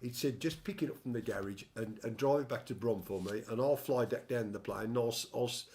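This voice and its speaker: A man's voice: mid-range voice, a little fast, darkish tone. An older man hosting a casual music chat, telling a long story with many restarts and wry asides. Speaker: show host and songwriter.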